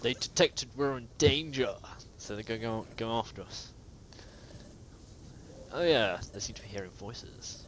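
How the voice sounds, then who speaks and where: Male let's-play host, mid-pitched, jokey, reads dialogue aloud; faint background hiss. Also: expressive, a little slow, fairly bright tone, low-quality recording. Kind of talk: casual game commentary.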